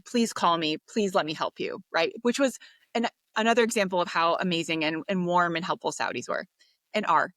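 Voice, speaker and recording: A woman tells her stories in a fairly low, full voice. She is animated and acts out the people she quotes. The sound is dry and close, with no room around it. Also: no room sound. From United States. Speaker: podcast guest. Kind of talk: storytelling in an interview.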